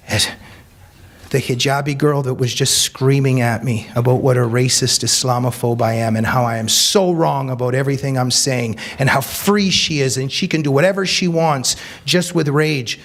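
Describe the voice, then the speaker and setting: A man giving an earnest, emphatic talk about his book to a seated audience, repeating key phrases for weight. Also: mid-range voice. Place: meeting room with an audience.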